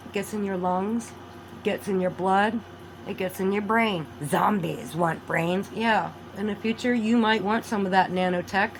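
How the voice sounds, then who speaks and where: A woman vlogging a rambling monologue, animated, swinging between loud outbursts and low mutters. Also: slight background noise, poor audio.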